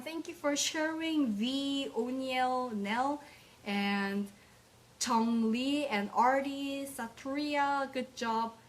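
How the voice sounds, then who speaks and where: A woman's voice: high-pitched, fairly bright tone. A young woman teaching a live online language class, repeating words for drills and praising students by name. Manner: repeats words slowly for practice, cheerful praise.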